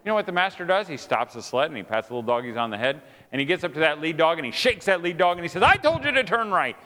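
A middle-aged man giving a humorous sermon to an audience in a large hall, animated and jokey, acting out the voices of the people in his stories. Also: fairly high pitch, rapid-fire. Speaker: speaker at a marriage event. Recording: long hall reverb.

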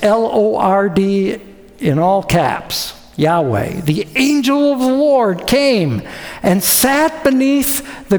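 A man preaching a sermon as pastor, animated and acting out quoted voices. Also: high-pitched. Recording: reverberant hall.

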